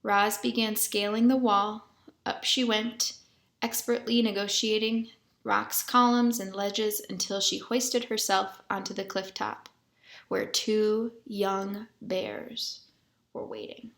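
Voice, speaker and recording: A woman's voice: medium pitch, level tone, slow pace, fairly bright tone. Woman reading a children's novel aloud. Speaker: narrator.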